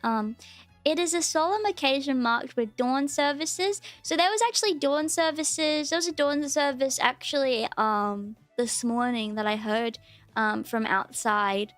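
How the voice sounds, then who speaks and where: A woman's voice: sits high, measured pace, fairly bright tone, no echo, faint music behind. A woman with an Australian accent chatting casually to her livestream viewers in a rambling way that is full of restarts. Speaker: VTuber streamer.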